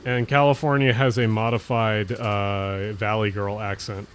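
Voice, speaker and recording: A man with a fairly low voice and an even tone speaks a bit slowly over slight background noise. With his New Jersey/Philadelphia accent, he thinks aloud during a loose late-night stream, rambling, running words together and swearing casually.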